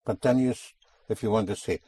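A man's voice: lowish voice, fairly quick, warm tone, breathy edge, no echo. A man teaching a Spanish lesson, patiently explaining grammar and repeating his students' answers back to them. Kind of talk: language lesson.

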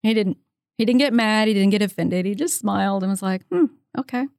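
A woman's voice: mid-range voice, brisk, creaky, clean tone, dry recording. Chatty woman in her fifties, dry sound. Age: 50s. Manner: animated storyteller who acts out quoted people; chatty, with frequent "um" and "you know". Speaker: interview guest. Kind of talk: casual storytelling in an interview.

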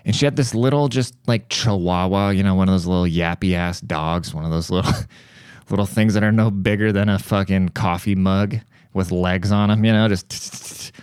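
A male podcast host telling rambling stories with plenty of swearing and frequent laughter. His voice sits a little low. The sound is dry and close, with no room echo. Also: moderate pace, a little mellow, clean tone. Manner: crude, profane, laughs often. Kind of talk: casual comedic storytelling.

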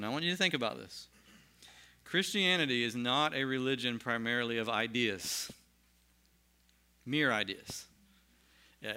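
A male pastor with a bright, forceful voice delivers a sermon in an earnest, emphatic style. He reads scripture aloud between points at a mid pitch for a man.

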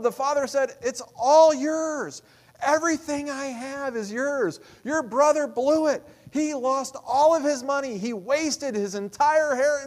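High-voiced pastor preaching with sweeping dynamics. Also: male voice. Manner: swings from loud exclamations to hushed soft phrases; conversational with restarts and asides. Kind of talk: sermon.

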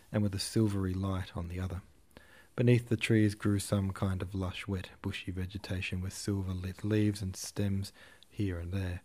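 Low, dark-voiced male reader. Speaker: audiobook reader and podcast host. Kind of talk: reading a classic novel aloud.

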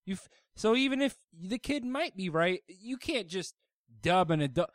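A man's voice: high voice, animated, normal speed, no echo. A man in casual chat recapping a manga with friends, swearing, laughing, and acting out lines of dialogue. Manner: profane, laughing, acts out characters in quotes. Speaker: podcast co-host.

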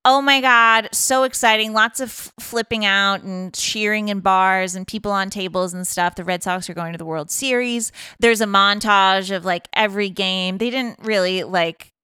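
A woman's voice: medium pitch, steady tone, moderate pace, hardly any pauses, pushed and bright, smooth, no echo, studio quality. A woman co-hosting a podcast, retelling a movie plot in a rambling, chatty way full of fillers. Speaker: podcast co-host recapping a film. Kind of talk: casual chat.

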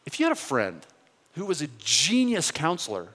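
In a reverberant hall, a pastor preaches a sermon in an earnest, conversational way, pushing his points with rising questions. His voice is slightly high and fairly bright, with wildly swooping pitch and a moderate pace.

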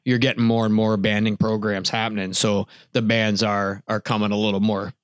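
A man telling a lively hunting story in casual chat, acting out what people said and laughing often. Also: lowish voice, brisk, clean tone, dry recording, clean studio sound. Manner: animated storytelling, acts out quotes, laughs often.

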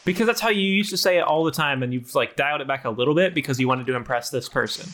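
A man's voice: a little high, expressive, fast, fairly bright tone. A man voicing a petty male chipmunk who nags and needles his partner in improv comedy. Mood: needling. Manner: nagging, needling, argumentative. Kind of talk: improv comedy role-play.

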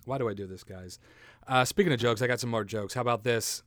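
A man's voice: medium pitch, fast, dry recording. A man hosting a casual solo podcast, rambling through crude jokes, mocking himself and laughing at his own bits. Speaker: podcast host.

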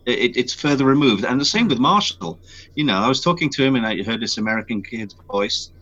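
A voice actor guest chatting in an interview, telling stories with animated excitement. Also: male voice, medium pitch, brisk, dull audio. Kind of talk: casual interview chat.

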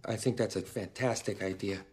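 A man's voice: lowish voice, steady tone, a little fast, darkish tone, lightly acted. An actor playing a cheerful, naive young man who talks to his pets in a friendly, sing-song way.

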